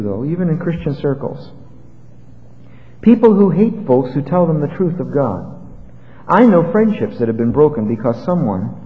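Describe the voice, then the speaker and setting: A man preaching an expository sermon, retelling a Bible story in a conversational, animated way. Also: fairly high pitch. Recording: dull lo-fi with long reverb.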